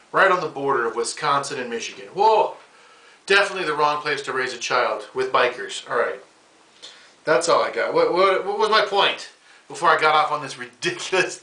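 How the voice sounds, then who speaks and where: In a fairly high voice with a sharp edge, an American male comedian rambles through a casual comedic monologue, ranting in slang and calling the listener "bro." The room is echoey and the microphone sits at a distance.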